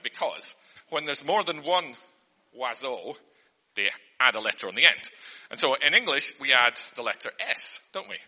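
Comic man as a mock teacher, sharp bright tone, bouncy pitch, flustered earnest patter. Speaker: comedian. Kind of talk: mock spelling lesson for an audience. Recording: long hall reverb.

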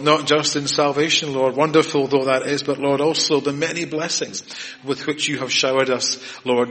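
A man leads the congregation in a spoken prayer, steady and measured, returning to "Lord" at almost every phrase. His voice sits at an ordinary middle pitch. It carries the long reverb of a church hall. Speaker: worship leader.

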